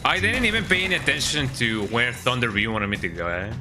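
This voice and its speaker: A male streamer chats casually over his gameplay, rambling and restarting his sentences, often tagging them with a quick "eh?". His voice is strikingly bright and forceful, and faint game music plays underneath. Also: medium pitch, lively intonation. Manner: rambling, tags remarks with "eh?". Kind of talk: casual live-stream chat while gaming.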